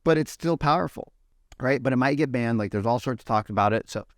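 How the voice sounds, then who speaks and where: A young man coaching real estate agents on a podcast, animated and talkative, who keeps tagging his points with "right?" and acts out quoted voices. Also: medium pitch, a little fast, no room sound, clean studio sound. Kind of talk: energetic podcast advice talk.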